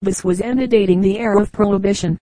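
Mellow-voiced woman reading old anecdotes. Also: medium pitch, fast talker, dry recording, low-quality recording. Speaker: audiobook reader. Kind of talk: scripted narration of humorous anecdotes.

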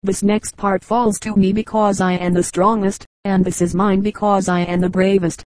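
A woman's voice: medium pitch, level tone, normal speed, darkish tone, dry recording, natural voice. A woman voicing a boastful, savage male lion king in a storybook fable, growling his claims. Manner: growling, menacing.

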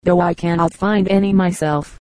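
A woman's voice: lowish voice, fairly even intonation, moderate pace, a little mellow, no echo, lightly acted. A woman voicing a cheerful, kind young girl who speaks encouragingly.

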